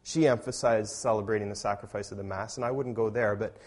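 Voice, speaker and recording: A man preaching a sermon as a pastor, talking in a conversational way and growing loud and emphatic when he reads scripture aloud. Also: on the low side, fairly even intonation, quick pace.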